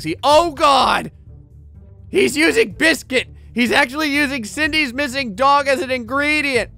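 A man giving excitable, laughing commentary on a video game he is playing. His voice is high and bright, with faint game music running underneath. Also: measured pace, vocal fry. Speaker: gaming YouTuber. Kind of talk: let's-play commentary.

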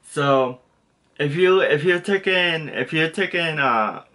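A man's voice: fairly high pitch, lively intonation, slow pace, pushed and bright. A young man casually teaching a basic lesson, rambling and correcting himself with lots of fillers and apologies. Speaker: language tutor.

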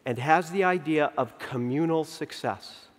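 A man in his fifties giving a conference keynote. He tells stories in an animated way, acts out the dialogue, and slows down to stress key points. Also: on the high side. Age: 50s. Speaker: keynote speaker. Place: large conference venue. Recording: long reverb of a big hall.

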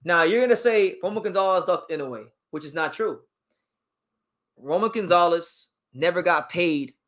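Dude hosting a boxing stream, kinda high voice, fired-up hot takes, keeps repeating himself. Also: male voice, lively intonation, moderate pace, a bit bright. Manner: emphatic, opinionated, repeats words when fired up. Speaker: boxing talk show host. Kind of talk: live-stream boxing commentary answering chat.

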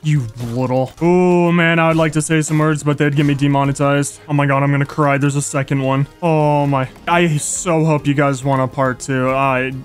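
A young man giving excitable, gushing Let's Play commentary, yelping when enemies appear. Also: fairly high pitch, moderate pace, few pauses, clear, resonant tone, soft background music. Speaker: gaming YouTuber.

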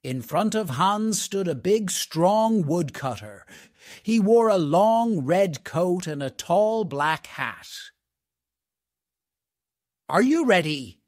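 A man narrating a simple storybook for English learners. He reads slowly and clearly, in a slightly high voice with lively intonation. The recording is dry and close. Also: dry recording. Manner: slow, clear, expressive reading.

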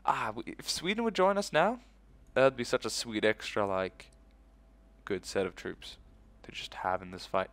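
A man's voice: on the low side, big pitch swings, normal speed, a bit bright, no echo. A man giving casual let's-play commentary, thinking aloud in a loose, profane way. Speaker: gaming video host.

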